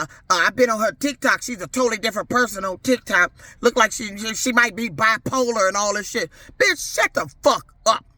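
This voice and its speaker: Speaking into her camera, a middle-aged vlogger rants with fury and profanity in a confrontational way. Her high-pitched voice is pushed and bright, and the recording is dry.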